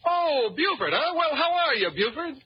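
A man's voice: very high voice, sing-song, moderate pace. An actor playing a nervous, stammering young ladies' man, in 1940s radio comedy style. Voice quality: stammering, jittery. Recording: muffled old radio recording, faint hiss.

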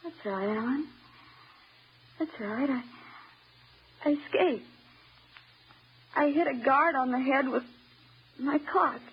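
A woman playing an unhinged, vengeful escaped wife who taunts her husband slowly and menacingly, in old-time radio drama style. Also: sits high. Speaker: escaped asylum patient wife. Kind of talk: 1940s radio acting. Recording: dull old radio broadcast, faint hiss.

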